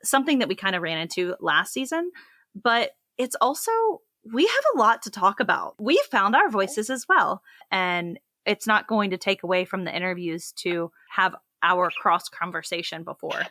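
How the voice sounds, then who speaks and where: A woman co-hosting a casual podcast, chatty and quick to laugh. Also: medium pitch, expressive, bright, forceful tone, dry recording. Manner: giggly, chatty, laughs often. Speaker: podcast co-host. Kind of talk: casual chat.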